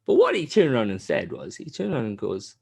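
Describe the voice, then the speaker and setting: A man's voice: fast, creaky, breathy edge. A man hosting a podcast, telling a game's story in casual chat, swearing often and mimicking characters. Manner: animated storytelling, heavy swearing; acts out character lines in a high voice. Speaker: podcast host.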